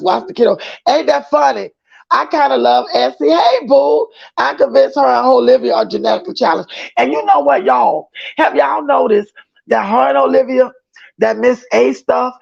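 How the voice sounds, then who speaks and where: A man's voice: extremely high pitch, normal speed, creaky, breathy edge, highs cut off. A man hosting a livestream, chatting and gossiping casually as he reads viewer comments and greets each one as boo. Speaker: livestream host.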